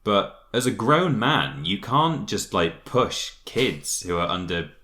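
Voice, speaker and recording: A man in his thirties chats casually on a podcast, rambling earnestly. His voice is very low, yet forceful and bright in tone. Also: sing-song, takes it slowly. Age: 30s. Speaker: podcast host. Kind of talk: casual chat.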